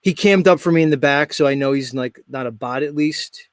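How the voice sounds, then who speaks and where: A man's voice: on the high side, brisk, no echo, studio quality. A man hosting a live stream show, talking in a brash, joking, rambling way. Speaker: host. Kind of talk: casual live stream chat.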